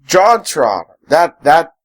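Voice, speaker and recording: A man's voice: on the high side, sing-song, takes it slowly, low-quality recording. A man co-hosting a casual podcast, giving strong opinions in a rambling way full of ums and uhs. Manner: opinionated, rambling, many fillers. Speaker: podcast co-host. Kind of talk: casual chat.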